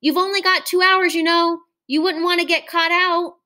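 A woman reading aloud and voicing a brisk, cheerful schoolteacher who calls out to children in a bright, high voice. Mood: calling.

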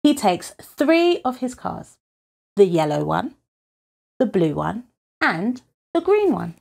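A woman reading a children's picture book aloud in an expressive storytelling way. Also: medium pitch, gravelly. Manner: expressive, unhurried.

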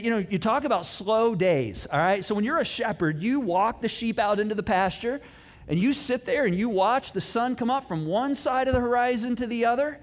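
A middle-aged pastor preaches in a relaxed, chatty way, leaning into the story with jokes and asides. His man's voice sits high, and it swings from loud emphasis to near-quiet musing. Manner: animated storytelling with playful asides, wide swings in pitch and loudness. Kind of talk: casual conversational sermon.

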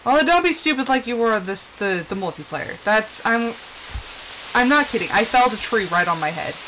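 Slightly high-voiced woman from the Southwest, casual rambling streamer, chatty and self-talking. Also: animated, a little fast, noisy background. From Southwestern United States. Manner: rambling, chatty, talks to herself, many fillers. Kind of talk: casual gameplay chat.

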